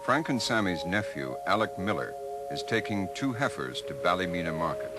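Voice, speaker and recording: A man giving scripted narration for a documentary in a measured, expressive way. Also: low voice, over loud music, rough recording. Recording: archival 1980s documentary with noise.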